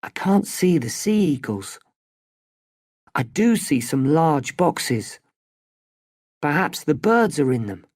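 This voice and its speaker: A storybook narrator reading at a slow, deliberate pace, each sentence clear and separate. The pitch sits in the middle range with a steady delivery. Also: no echo, studio quality. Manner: slow, clear, evenly paced.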